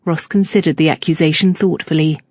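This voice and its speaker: A narrator reading a novel aloud at a steady, even pace, with a mid-pitched voice. The recording is dry and close, with no room echo. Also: brisk. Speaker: audiobook narrator. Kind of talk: scripted narration.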